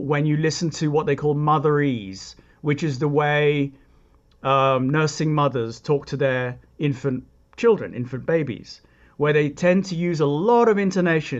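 Thoughtful man, slightly high voice. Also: lo-fi sound. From England. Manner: thoughtful, reflective, with frequent restarts and asides. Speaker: composer, guest. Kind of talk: explanatory interview talk.

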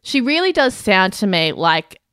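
A woman co-hosting a casual TV review chat, chatty and giggly and quick to agree. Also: mid-range voice, very animated, fairly bright tone, clean tone, no echo, studio quality. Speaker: podcast co-host.

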